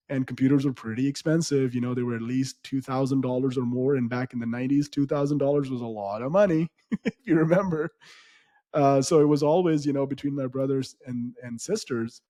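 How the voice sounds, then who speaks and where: A man's voice: mid-range voice, mellow, dry recording. A man in his forties co-hosting a casual podcast conversation, telling his story in a thoughtful, reflective way. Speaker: podcast co-host.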